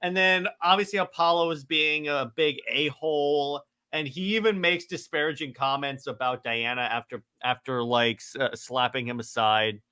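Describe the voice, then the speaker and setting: Male podcast co-host, fairly high voice, enthusiastic, laughs a lot, stumbles over words, casual comic talk. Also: steady tone, moderate pace, few pauses, sharp tone, clear, resonant tone. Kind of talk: casual comic book discussion.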